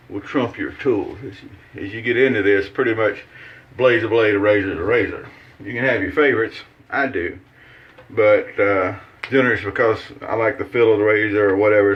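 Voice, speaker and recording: Standing at the bathroom sink, a man with a lowish voice shaves and talks viewers through it in a folksy, meandering way, using lots of fillers. The audio has its highs cut off.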